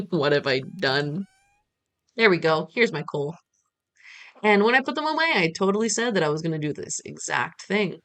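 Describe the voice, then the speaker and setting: A woman's voice: fairly low pitch, big pitch swings, moderate pace, fairly bright tone. Playful woman streamer chatting over a game. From United States. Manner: playful, rambling, self-mocking. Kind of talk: casual gameplay chat.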